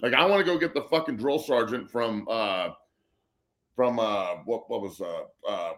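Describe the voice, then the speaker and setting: A man's voice: lowish voice, measured pace. A middle-aged man ranting bluntly and profanely as a guest on a casual sports talk show. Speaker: guest co-host.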